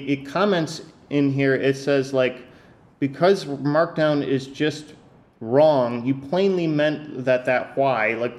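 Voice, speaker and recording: A rambling, incredulous podcast host. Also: male voice, medium pitch. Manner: hesitant, many restarts and fillers, incredulous. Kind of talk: casual podcast rant.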